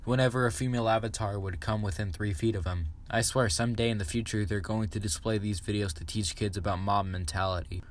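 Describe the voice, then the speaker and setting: A man's voice: lowish voice, steady tone, fast talker, hardly any pauses. A young man giving a sarcastic, swearing comedic review of internet memes. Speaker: meme commentary YouTuber.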